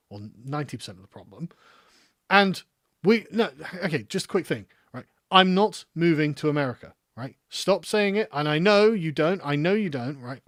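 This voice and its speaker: Animated, profane English man ranting. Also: fairly high pitch, no echo, clean studio sound. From England. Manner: profane, sarcastic, exasperated, laughs mid-sentence. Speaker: political commentary host. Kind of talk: live-stream political rant.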